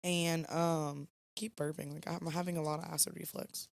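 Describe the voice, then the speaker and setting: A woman's voice: low voice, little pitch movement, normal speed, vocal fry, no room sound. A young woman, co-hosting a podcast, telling a rambling story late at night, tired and yawning. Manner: chatty, rambling storyteller with fillers. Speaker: podcast co-host.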